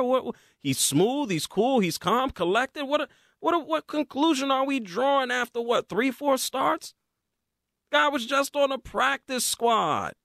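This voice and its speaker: High-voiced man ranting about sports. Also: unhurried, vocal fry, dry recording, studio quality. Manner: animated, sarcastic ranting. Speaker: sports show host. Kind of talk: opinionated sports commentary.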